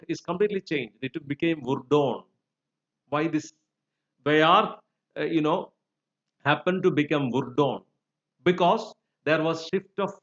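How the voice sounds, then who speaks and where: Hesitant man lecturing, slightly high voice. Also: fairly bright tone. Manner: hesitant, many fillers and restarts. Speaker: English teacher. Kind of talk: recorded lecture. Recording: dull lo-fi recording.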